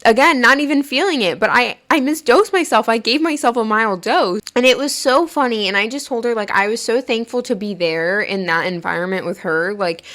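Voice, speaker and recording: Speaking a little quickly with few pauses, a podcast host with a fairly high, bright voice relates a personal story. Her casual monologue is chatty, heavy with "like," and broken up by her own laughter.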